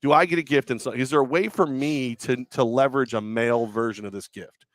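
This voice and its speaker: Loud, animated male radio co-host. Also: mid-range voice, brisk, no echo, studio quality. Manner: loud storyteller, acts out voices with shouts. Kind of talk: casual sports talk banter. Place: live remote broadcast at a car dealership.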